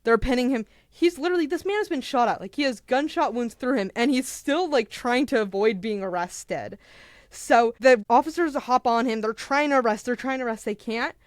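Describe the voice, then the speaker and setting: A young woman on a podcast, retelling a true crime story in a casual, animated way, full of "like" and acted-out quotes. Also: fairly high pitch, normal speed, no room sound, clean studio sound. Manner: animated, acts out quotes, filler "like".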